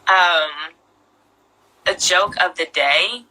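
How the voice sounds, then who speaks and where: A woman's voice: on the low side, very slow, sharp tone, poor audio. A young woman chatting as a guest in an interview, playful and self-deprecating, laughing often. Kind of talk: casual interview chat.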